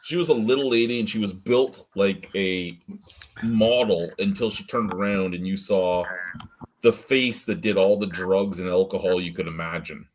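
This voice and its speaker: A man's voice: sits low, moderate pace, slight background noise. A man hosting a casual podcast chat, telling profane, laughing stories about old coworkers. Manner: storytelling with profane, laughing asides. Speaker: podcast host.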